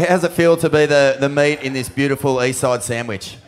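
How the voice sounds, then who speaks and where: A man hosting a relaxed chat, his voice sitting at an ordinary middle pitch. He asks loose, friendly questions that stop and restart, like he's talking to a mate. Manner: laid-back, matey, halting questions. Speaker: podcast host. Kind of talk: casual chat interview.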